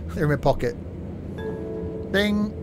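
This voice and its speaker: A man's voice: a little high, expressive, moderate pace, loud music behind the voice. A man streaming a game, chatting casually and joking while narrating his own driving. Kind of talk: casual gameplay commentary. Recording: game vehicle noise in background.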